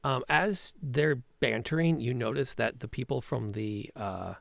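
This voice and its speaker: Gravelly-voiced man running a tabletop game. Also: medium pitch, lively intonation, a little slow, fairly bright tone, no echo. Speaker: game master.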